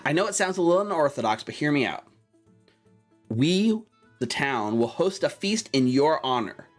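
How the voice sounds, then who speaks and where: A man voicing a smooth-talking, flattering middle-aged town mayor in a tabletop game. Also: on the high side, normal speed, faint music behind, pitched above the performer's own voice. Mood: persuasive. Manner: glib, hearty, flattering.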